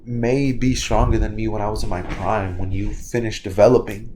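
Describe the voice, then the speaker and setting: A man playing a calm older hero mentor. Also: fairly low pitch, normal speed, background noise, lightly acted. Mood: earnest. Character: mighty male hero mentor, older, earnest. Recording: echoey room.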